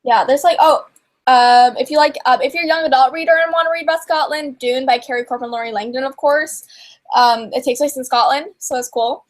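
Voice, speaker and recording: A woman's voice: sits high, fairly even intonation, a little fast. A teenage girl co-hosting a casual livestream chat, gushing and giggly, full of fillers. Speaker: co-host.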